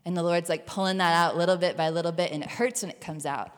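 A woman missionary tells the congregation about her own struggles in a candid, animated way, with playful asides. Her voice sits low for a woman. It carries with a long, ringing church-hall reverb. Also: quick pace. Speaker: missionary sharing a testimony. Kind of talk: personal testimony in a church service. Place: church sanctuary.

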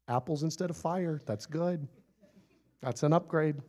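A man preaching a sermon in a playful, animated way, acting out little scenes and laughing often. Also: a little high, a little slow.

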